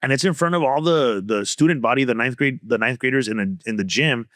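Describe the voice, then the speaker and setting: Young comedian dude, animated storytelling, dry close mic. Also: male voice, mid-range voice, a little fast, dry recording. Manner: animated, code-switching slang. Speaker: comedian guest. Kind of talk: casual storytelling chat.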